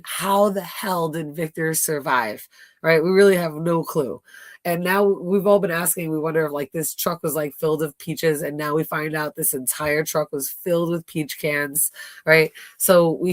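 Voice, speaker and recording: A woman with a low, deep voice hosts a casual live recap of a TV episode. She retells the scenes in an animated way and acts out the characters' lines as she goes. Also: dry recording. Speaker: host.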